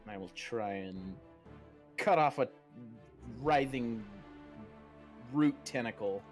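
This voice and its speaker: A man playing a tabletop game over an online call, unhurried and matter-of-fact. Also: on the low side, animated, faint music behind. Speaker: player. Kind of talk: casual tabletop game chat.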